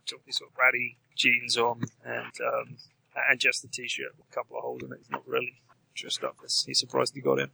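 A man playing in a tabletop role-playing game, chatting casually and describing his character in halting phrases. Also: medium pitch, gravelly, pushed and bright, poor audio.

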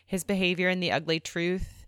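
A woman co-hosting a podcast, arguing her points in an animated, casual way. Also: fairly low pitch, brisk, smooth, dry recording, clean studio sound. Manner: animated, argumentative. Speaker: podcast co-host. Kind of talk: casual discussion.

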